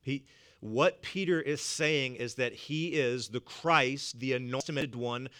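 A man's voice: medium pitch, slow pace, fairly bright tone, clean tone. A man with a Southern US accent preaching a sermon as pastor, emphatic and repeating words for weight, chuckling between points. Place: church.

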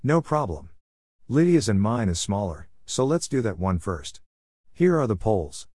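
A man's voice: on the low side, sing-song, normal speed, a little mellow, husky, no room sound, clean studio sound. A man reading a story, voicing a patient but firm grandmother on a camping trip.

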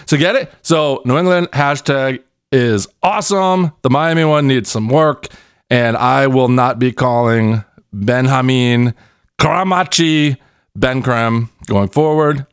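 A man hosting a soccer podcast in a comedic rant, sarcastic, swinging between shouted lines and muttered asides. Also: mid-range voice, clean tone, no echo, clean studio sound.

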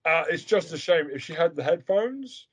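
Guy hosting a podcast, blunt crude jokes, kinda high voice. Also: lively intonation, normal speed, husky. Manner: blunt, provocative, joking. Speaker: podcast host. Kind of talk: crude casual chat.

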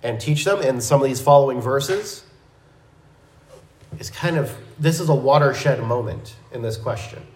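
A man teaching a verse-by-verse Bible lesson in a measured, methodical way, with small restarts. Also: medium pitch, darkish tone, echoey room, low-quality recording.

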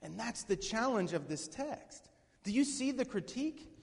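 A man preaching a sermon with dynamic swings from hushed to shouting, asking the congregation questions. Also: extremely high pitch, sing-song, normal speed, vocal fry. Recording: long reverb of a hall.

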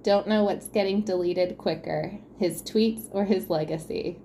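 A woman's voice: lowish voice, a little slow, mellow, slight background noise. A woman co-hosting a casual sports podcast, reading quotes aloud and laughing at them. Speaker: podcast co-host.

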